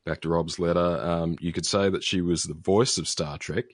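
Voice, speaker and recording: A man's voice: sits low, fairly even intonation, normal speed, dry recording. A man co-hosting a podcast, chatting casually and reading out a listener's email, with many ums and restarts. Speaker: podcast co-host.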